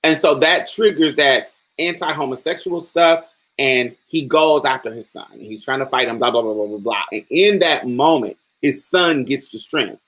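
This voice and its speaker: Husky-voiced woman podcaster, emphatic and profane. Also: rumbling low, moderate pace, a bit bright. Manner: emphatic and profane, acts out quoted lines. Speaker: podcast host. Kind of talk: casual film commentary.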